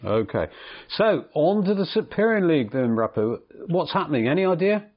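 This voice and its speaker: Teasing radio host, muffled. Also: male voice, fairly high pitch, big pitch swings, normal speed. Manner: teasing, asks short questions. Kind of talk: casual radio chat. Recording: slightly muffled lo-fi radio recording.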